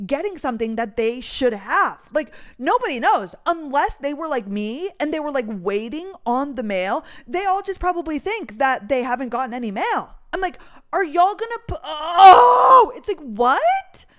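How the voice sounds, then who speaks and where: A woman's voice: high voice, expressive, moderate pace, few pauses. A young woman telling a frustrating story in a casual, exasperated rant, swearing freely and saying "like" a lot. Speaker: podcast host. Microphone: voice memo recording.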